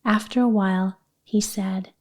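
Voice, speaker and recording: A woman reading an audiobook, voicing an excitable little girl who gushes breathlessly. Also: medium pitch, measured pace, natural voice. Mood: eager. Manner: breathless, gushing storyteller. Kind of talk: audiobook character voice.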